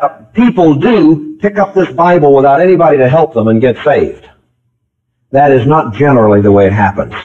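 A man preaching a sermon in an emphatic style, repeating key phrases and calling out questions to the congregation. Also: medium pitch. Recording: tinny phone-like old tape recording.

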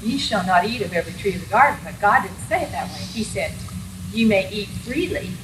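A woman in a Bible study class making a quick, earnest comment in the discussion. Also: mid-range voice, sing-song. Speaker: class member. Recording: distant, roomy, with noise.

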